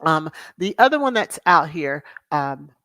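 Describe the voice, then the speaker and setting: A woman's voice: low voice, big pitch swings, unhurried, a bit bright, dry recording. A woman hosting her own commentary channel, talking casually to viewers with sassy, exasperated asides.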